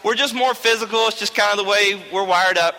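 A man's voice: high-pitched, fairly quick, bright, forceful tone. A young man, talking to a youth group in a joking, chatty way and often checking in with "okay?". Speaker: youth teacher. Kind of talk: informal talk to a youth group. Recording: long reverb of a large hall.

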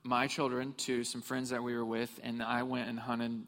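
A man's voice: medium pitch, monotone, normal speed, a bit bright, slight background noise. A man preaching a sermon in a church hall, telling funny stories and asking the congregation questions. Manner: humorous storytelling, asks the congregation questions. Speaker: pastor. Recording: long reverb of a hall.

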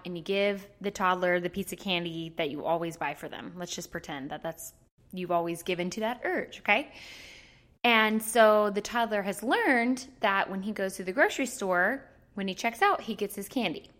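A woman coaching in a casual, chatty way, playful and quick to laugh as she explains. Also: fairly low pitch, fairly bright tone. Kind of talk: casual teaching to camera.

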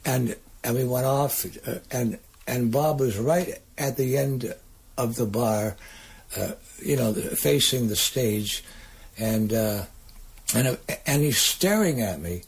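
An older man with a gravelly, husky voice, talking as a guest in a casual interview. He tells rambling stories full of halting restarts, at a middle pitch for a man. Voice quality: raspy, gravelly. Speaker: guest singer-songwriter.

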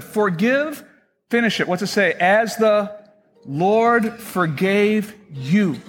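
A male pastor in his sixties delivers a sermon with a husky, slightly breathy tone. His voice sits high for a man. He preaches conversationally, often pausing to pose questions to his listeners. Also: animated, fairly bright tone, in a large hall, faint music behind.

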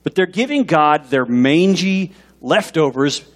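Animated male pastor in an echoing hall. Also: on the high side, unhurried. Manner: animated, asks the congregation questions. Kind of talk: sermon. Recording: long reverb in a large hall.

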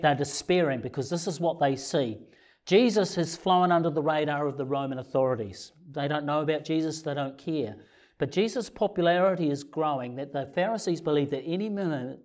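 A preacher giving a sermon, retelling scripture in a lively storytelling way. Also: medium pitch.

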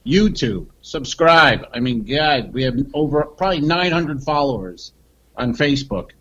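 A man's voice: mid-range voice, expressive, a little slow, a bit bright, lo-fi sound. A man co-hosting a comedy podcast, chatting in a dry, meandering way with lots of fillers. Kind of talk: casual banter.

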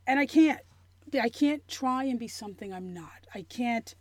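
A woman telling a personal story in an interview, earnest and emotional, halting with many restarts and fillers. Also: a little high, lively intonation, no room sound. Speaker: interview guest.

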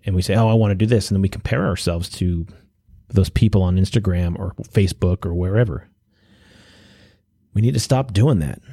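Male podcast host, low husky voice, earnest and exhorting, dry close-mic sound. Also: dark tone, no echo. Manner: earnest, exhorting, with restarts and pauses. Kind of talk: motivational monologue.

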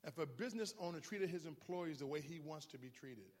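A man preaching a sermon in a church, impassioned, swinging from quiet talk to shouting. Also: fairly high pitch, lively intonation, a little fast, in a large hall.

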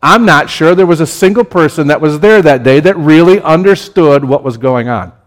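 A man preaching a conversational sermon as pastor, his delivery lively and building to emphatic peaks. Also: on the high side, normal speed.

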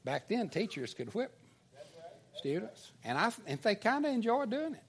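An older male preacher with a high, lively voice tells a folksy story from the pulpit. He talks in an animated way, swinging his pitch widely as he builds toward the lesson. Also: normal speed. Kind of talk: storytelling sermon.

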